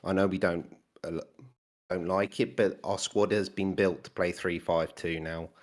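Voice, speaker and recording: Low-voiced English football fan caller. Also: male voice, steady tone. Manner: measured, pragmatic, listing players. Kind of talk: casual call-in football chat. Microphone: voice chat.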